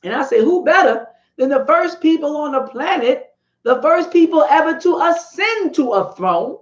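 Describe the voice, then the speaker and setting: A woman hosting a live stream, chatting with viewers and talking through history in a casual, animated way. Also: high-pitched, normal speed, dull audio.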